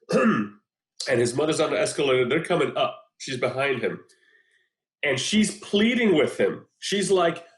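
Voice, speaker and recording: A man's voice: mid-range voice, animated, a little slow. A man hosting a podcast, chatting casually, laughing often and acting out quotes with profanity. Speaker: podcast host. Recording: roomy echo.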